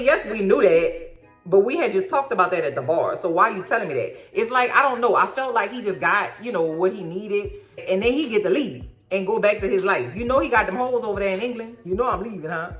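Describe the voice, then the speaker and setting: A middle-aged woman giving a sassy, animated TV recap into her phone, often yelling for emphasis. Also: mid-range voice, fairly quick, soft background music. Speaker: TV recap vlogger. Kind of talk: casual TV recap commentary.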